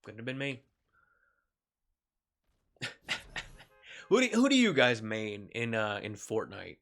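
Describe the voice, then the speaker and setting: While streaming a shooter, a man keeps up jokey, profane commentary with lots of laughter and excited yelps as things swing. His voice is lowish and slow, with faint music behind it.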